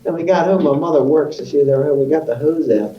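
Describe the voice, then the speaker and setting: A man's voice: fairly high pitch, fast, recorded from a distance, muffled recording, a little hiss or hum. Man telling rambling stories, roomy echo. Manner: rambling, does voices and sound effects in his stories. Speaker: interviewee. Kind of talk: casual storytelling about his youth.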